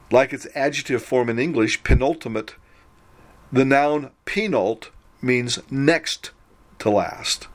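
A man teaching a recorded Greek grammar lesson, explaining in a measured way and slowing down to spell out syllables. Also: mid-range voice.

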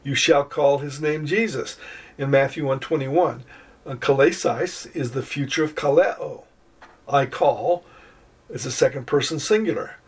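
An older man lecturing on New Testament Greek grammar, measured and deliberate, slowing down to spell out each Greek word. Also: mid-range voice, slightly rough. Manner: measured, slows to spell out Greek words, some restarts. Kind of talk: recorded lecture.

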